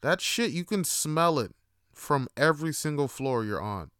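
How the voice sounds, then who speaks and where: A man's voice: on the high side, lively intonation, unhurried, a bit bright, clear, resonant tone, no echo, clean studio sound. A young man telling profane, laughing stories in a casual monologue, acting out other people's lines. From Toronto, Canada. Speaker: podcast host.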